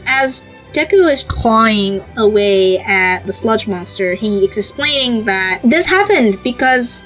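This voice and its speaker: A woman hosting a podcast, excitedly talking through comic panels with quick asides and fillers, sometimes reading short lines in Japanese. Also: a little high, faint music behind, low-quality recording. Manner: gushing, animated, quick asides with many fillers. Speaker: podcast host. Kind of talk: excited casual commentary on a comic.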